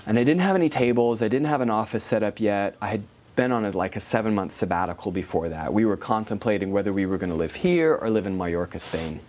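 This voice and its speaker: A man's voice: fairly low pitch, expressive, fast, a little mellow. A man, a health practitioner, telling a story to a small group in a conversational manner and acting out dialogue. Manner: conversational, acts out dialogue, asides to listeners.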